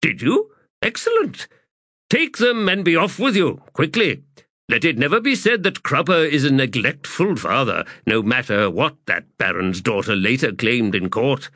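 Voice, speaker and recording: A man's voice: medium pitch, sing-song, moderate pace, sharp tone, dry recording, clean studio sound, voice pushed up. A man voicing a pompous, boastful male trader who speaks of himself in the third person, in an audiobook.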